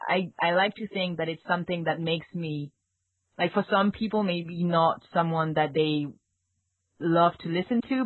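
A woman with a strong French accent, co-hosting a casual chat and talking in halting bursts with restarts. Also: low voice, no room sound. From France. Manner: halting, many restarts and fillers. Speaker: podcast co-host. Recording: tinny phone-like line, dry.

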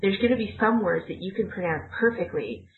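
A woman's voice: medium pitch, big pitch swings, a little fast. A woman co-hosting a casual chat, explaining points in a teacherly, rambling way with fillers. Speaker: podcast co-host, former ESL teacher. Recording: tinny phone-like line.

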